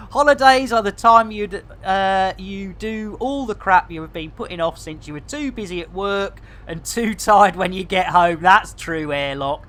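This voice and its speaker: A man's voice: sits high, normal speed, few pauses, pushed and bright. A man rambling casually to his chat while streaming a game. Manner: chatty, rambling, jokey.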